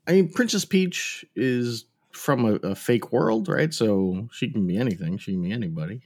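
A man's voice: mid-range voice, lively intonation, normal speed, a little mellow. A man in his thirties chatting casually in a wry, rambling way. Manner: wry, rambling, laughs easily. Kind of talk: casual chat.

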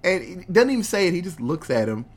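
A podcast co-host giving an excitable, profane, casual movie recap. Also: mid-range voice, fast talker. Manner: excitable, profane, laughing often.

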